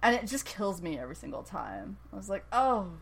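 Woman, podcast co-host, animated storyteller who acts out the lines and laughs easily. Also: mid-range voice, fast talker, creaky, slightly rough, low-quality recording. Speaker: podcast co-host recapping a TV episode. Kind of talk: casual chat.

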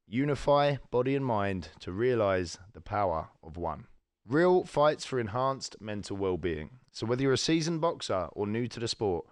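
A man's voice: lowish voice, dry recording, studio quality. A man hosting a podcast, asking questions and reading an ad in a casual chat, with an English accent. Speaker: podcast host. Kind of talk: casual interview chat and sponsor read.

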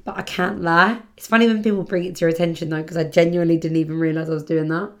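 A woman's voice: lowish voice, fairly even intonation, very fast. A British woman hosting a casual solo podcast, chatting in a rambling way, full of fillers and self-corrections. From Britain. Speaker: podcast host. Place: home setting near the seaside.

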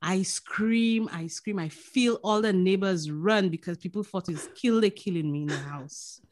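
A woman's voice: lowish voice, normal speed. Saint Lucian woman telling laughing stories. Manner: lively storyteller, laughs often, swears freely. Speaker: podcast co-host. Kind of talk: casual chat.

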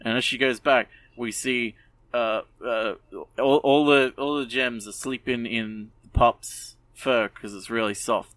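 A man hosting a podcast, recapping an episode in a rambling, animated way with lots of fillers and swearing. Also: medium pitch, unhurried, no room sound. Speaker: podcast host. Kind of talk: casual chat.

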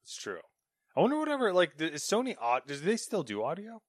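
A man co-hosting a casual gaming news podcast, chatty and animated, acting out little skits. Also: sits high, fast talker, no echo, studio quality. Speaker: co-host reading gaming news.

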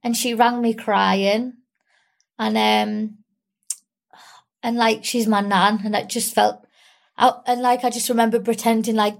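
A woman's voice: on the high side, level tone, unhurried, gravelly, long pauses. Tearful young woman, candid and rambling. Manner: candid, rambling with many fillers. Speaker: guest. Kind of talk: emotional personal interview.

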